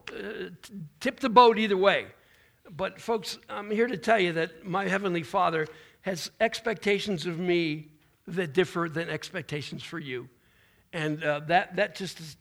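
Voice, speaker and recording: A pastor whose voice sits high, with vocal fry and a pushed, bright quality, delivers a conversational sermon. His style is informal, full of restarts and folksy asides.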